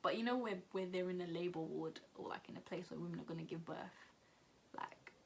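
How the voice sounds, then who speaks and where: A woman's voice: fairly low pitch, a little fast, gravelly, a little hiss or hum. A young woman, chatting casually through a storytime vlog, retelling events with lots of fillers and acted-out quotes. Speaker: vlogger.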